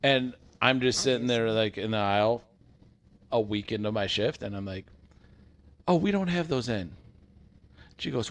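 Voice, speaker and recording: A man hosting a casual chat, telling work stories in an animated way. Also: normal speed, long pauses. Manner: animated storyteller, acts out quoted customers in high voices. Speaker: podcast host.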